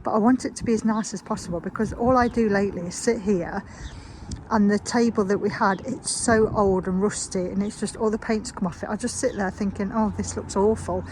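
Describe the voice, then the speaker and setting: A woman's voice: medium pitch, fairly even intonation, brisk, a little mellow, rough recording. A woman vlogging outdoors in her courtyard garden, talking in a rambling, chatty way with lots of "um" and "sort of". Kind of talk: casual chatty vlog. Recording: outdoor recording with clear traffic noise. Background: passing road traffic.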